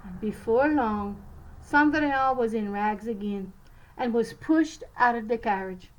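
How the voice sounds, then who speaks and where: A woman teacher reading a picture book aloud to children, expressive and sometimes stumbling over French words. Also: a little high, unhurried, low-quality recording.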